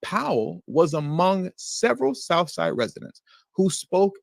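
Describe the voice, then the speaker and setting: Animated man hosting a commentary livestream. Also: high-pitched, measured pace, vocal fry, no room sound, studio quality. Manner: animated, indignant, slips into slang. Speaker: livestream host.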